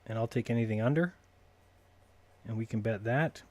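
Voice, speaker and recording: A man's voice: medium pitch, normal speed, a little mellow. A man hosting a live call-in stream, talking casually and muttering to himself while he sorts out his call settings. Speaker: livestream host taking calls.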